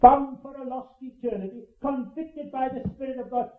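An older man preaching a fervent evangelistic sermon, repeating phrases and swinging between urgent loud cries and hushed low asides. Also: moderate pace. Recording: tinny, echoey old sermon tape.

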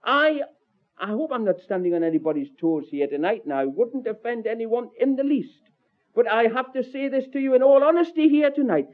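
A man preaching a sermon and telling stories, his voice rising high and then dropping low and soft, slowing down for scripture. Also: animated. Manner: swooping pitch, drops low and soft at line ends, slows on scripture. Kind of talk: sermon with storytelling. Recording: tinny phone-like recording.

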